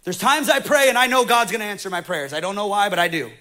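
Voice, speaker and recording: Guy pastor preaching a sermon, high voice, tells a story soft then gets loud and fired up. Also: animated, fast.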